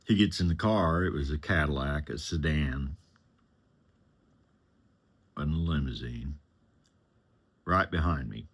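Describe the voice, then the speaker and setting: Deep husky male storyteller, slow and plain-spoken, former driver recounting his past. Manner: plain-spoken, unhurried, conversational. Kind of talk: personal testimony storytelling.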